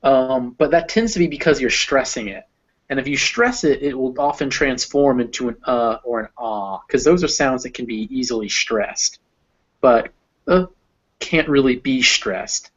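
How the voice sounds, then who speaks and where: A man's voice: medium pitch, animated, moderate pace, husky. A man tutoring a student one-on-one in pronunciation, patiently explaining sounds and modeling words aloud. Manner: patient, explaining with spoken examples. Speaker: phonetics tutor. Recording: dull lo-fi recording.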